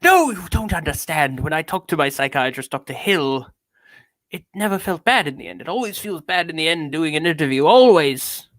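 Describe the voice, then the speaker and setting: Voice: medium pitch, expressive, moderate pace, fairly bright tone, no room sound, natural voice. A streamer putting on an affected British accent to read out an anguished man's confession with theatrical grandeur. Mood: brooding. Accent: put-on British. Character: grandiose anguished man reading his own confession. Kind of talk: dramatic reading of a text.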